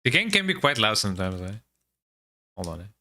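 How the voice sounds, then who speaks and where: A man's voice: lowish voice, big pitch swings, brisk, noisy background. A man whose first language is Spanish, commenting casually on his gameplay, chatty and wry, often tagging sentences with a questioning "eh". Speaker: streamer.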